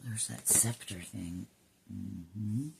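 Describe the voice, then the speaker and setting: A woman giving an emotional, earnest spiritual card reading, sometimes dropping into soft whispers and swearing casually. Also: a bass voice, extremely slow, vocal fry, heavy background noise. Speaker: intuitive card reader.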